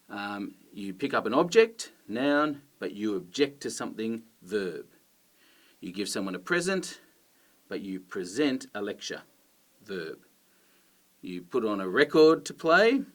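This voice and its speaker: Australian male teacher, lower voice, clear and emphatic delivery to camera. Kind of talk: explaining to camera.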